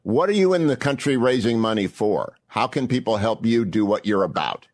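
A man's voice: on the low side, animated, moderate pace. A man hosting a radio talk show, asking pointed questions in a blunt, opinionated way. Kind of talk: radio interview.

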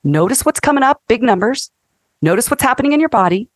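A woman in her fifties, a counselor and guest, talking in an animated, emphatic teaching way on a faith-based podcast. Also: fairly high pitch, quick pace, no room sound, studio quality.

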